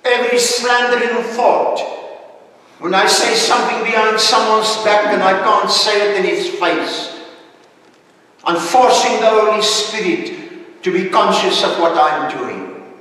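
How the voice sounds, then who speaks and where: A man's voice: high-pitched, unhurried, pushed and bright. A man preaching a sermon at a Sunday church service, earnest and sometimes hesitant with fillers. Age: older. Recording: echoey hall from far off.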